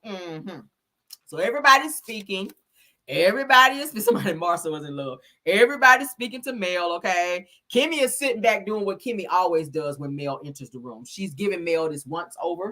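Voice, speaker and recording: A woman hosting a live stream, recapping a reality show episode in a sassy, blunt, animated way. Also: fairly low pitch, brisk. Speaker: host.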